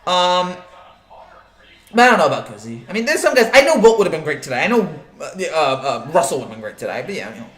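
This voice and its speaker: A man's voice: fairly high pitch, sing-song, fast, a bit bright, echoey room. Rambling joking man hosting a sports stream. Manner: rambling, joking, many restarts and fillers. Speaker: sports show host reading live chat. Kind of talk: casual live-stream chat.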